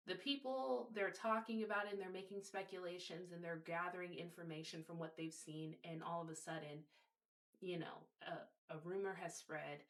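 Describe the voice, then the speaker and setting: A woman hosting a video, casually explaining a topic and telling a story, speaking directly to her viewers. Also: lowish voice. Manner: warm direct address to viewers.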